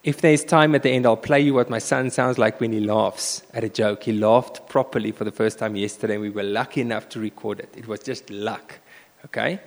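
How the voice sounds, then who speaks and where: A man preaching a sermon, telling a personal story with animated swings between loud bursts and hushed asides, in a church hall. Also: on the low side, fairly quick. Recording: echoey hall reverb.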